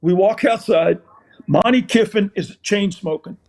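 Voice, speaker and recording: Speaking at a measured pace in a high voice, this older man is a former football coach guesting on the show. He tells casual stories with animation, acting out each scene.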